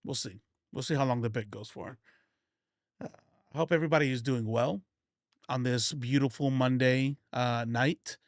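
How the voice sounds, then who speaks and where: A man's voice: mid-range voice, normal speed, long pauses, no echo, clean studio sound. A man streaming live, chatting casually and joking around with a put-on Southern accent, full of restarts and asides. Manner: rambling and joking, frequent restarts and laughs, doing a put-on country accent.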